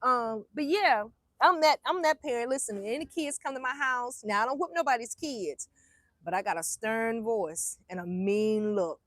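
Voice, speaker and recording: Lively, high-voiced older woman. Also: moderate pace, dry recording, studio quality. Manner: animated, acts out the quoted voices. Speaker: grandmother telling stories. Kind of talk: casual storytelling chat.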